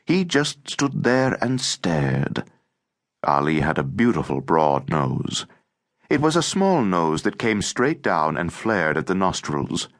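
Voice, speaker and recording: A man reading an audiobook in a measured, expressive scripted narration. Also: deep voice, no room sound, clean studio sound.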